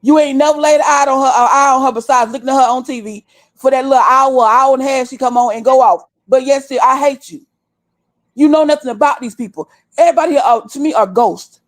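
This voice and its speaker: Woman streamer, high-pitched, blunt and profane, lecturing her viewers. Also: fast. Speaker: livestream host. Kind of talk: heated livestream rant. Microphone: desktop stream mic.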